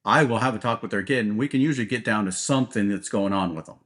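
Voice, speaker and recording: A man's voice: fairly low pitch, quick pace, a bit bright. Blunt, plain-spoken man. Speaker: police officer guest. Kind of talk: candid interview talk.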